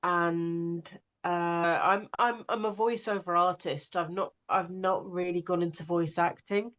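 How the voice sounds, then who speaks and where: A woman's voice: fairly low pitch, steady tone, a little slow, fairly bright tone, dull audio. A woman, an audiobook narrator, chatting in an interview and talking with many fillers and restarts. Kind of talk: casual interview chat.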